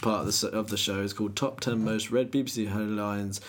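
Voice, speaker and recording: A man's voice: on the low side, fairly even intonation, fairly quick, a little hiss or hum. A man co-hosting a casual banter show, rambling and joking crudely. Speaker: podcast co-host.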